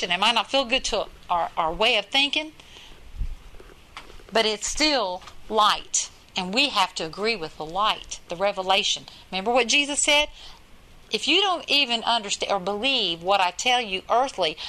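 Woman preacher, earnest and repetitive, higher bright tone. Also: animated, moderate pace, poor audio. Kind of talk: sermon.

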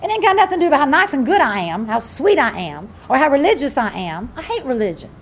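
A woman with a high voice preaches a sermon, animated and emphatic, hammering her points home by repeating phrases. Faint noise sits behind her. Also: fast.

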